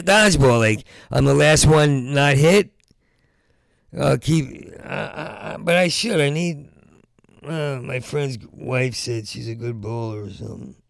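Gravelly guy doing standup, stammery rambling rants, dry close mic. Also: medium pitch, no echo. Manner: rambling, stuttering restarts, rising into loud rants. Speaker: stand-up comedian. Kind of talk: stand-up comedy set.

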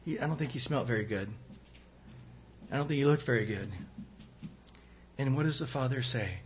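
A man preaching a sermon, acting out quoted voices and swinging between loud and soft. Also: mid-range voice, fairly quick, slight background noise. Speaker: pastor.

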